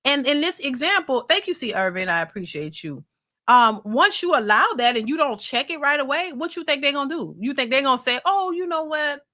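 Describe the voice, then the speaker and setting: A middle-aged woman talks in a loose, rambling way, full of fillers and restarts. Her voice sits a little high and sounds bright. She hosts a reaction channel and chats casually as she reads out comments from her viewers. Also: animated, fairly quick. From New Orleans, USA. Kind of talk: casual commentary reading live chat.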